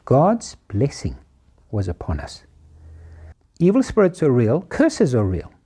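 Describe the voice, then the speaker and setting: A man's voice: medium pitch, wildly swooping pitch, a little slow, mellow, husky. A middle-aged man preaching a sermon in an emphatic style, repeating phrases for stress. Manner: emphatic, repetitive rhetorical phrasing.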